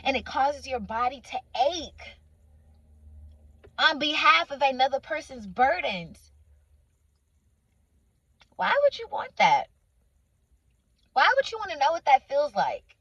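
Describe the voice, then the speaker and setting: A woman with a high voice preaches informally and emphatically, driving points home by repeating lines and calling her listener honey and sweetheart. The sound is dry, with no room echo. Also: very animated, slow, pauses often, a bit bright, muffled recording. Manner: emphatic, repeats phrases for stress. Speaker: Christian faith speaker.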